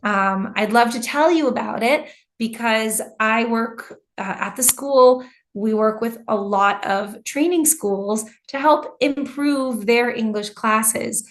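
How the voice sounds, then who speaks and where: American woman, english teacher, fairly high voice, lively, laughs and apologizes a lot, video call from home. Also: slow, few pauses. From United States. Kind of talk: online class. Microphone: computer mic on a video call.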